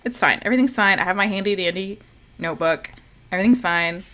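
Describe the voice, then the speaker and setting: Talking fast while she streams a game live, a woman veers between loud outbursts and quiet muttering. She sounds casual but exasperated and swears freely.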